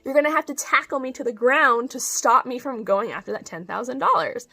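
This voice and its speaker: A woman dog trainer giving an instructional talk, emphatic and expressive, acting out little examples as she explains. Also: sits high, fairly quick, gravelly, soft background music.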